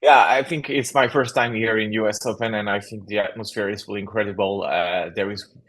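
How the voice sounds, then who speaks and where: A man with a fairly low voice answering interview questions as a podcast guest. He speaks hesitantly, with many uhs and some non-native phrasing. His delivery stays level and flat. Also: fairly quick. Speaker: guest, company founder.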